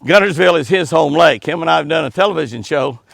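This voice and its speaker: Gravelly, chuckling man chatting outdoors. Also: fairly high pitch, quick pace, a bit bright, no echo, studio quality. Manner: folksy, chuckling, talks sweetly to his dogs. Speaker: host. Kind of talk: casual outdoor chat to camera. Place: outdoors, walking in the woods.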